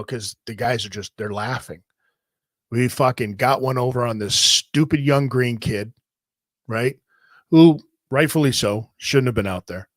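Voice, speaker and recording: A man telling a long story in a casual, profane, animated way, often repeating himself. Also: medium pitch, no echo, clean studio sound. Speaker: podcast host telling a wrestling story.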